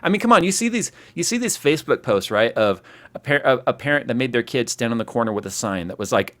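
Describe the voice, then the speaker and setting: A man hosts a casual livestream chat, racing through his stories at a quick clip. He tells them with animation and acts out each scene, at a middling pitch for a man. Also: huge pitch swings, fairly bright tone. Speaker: host.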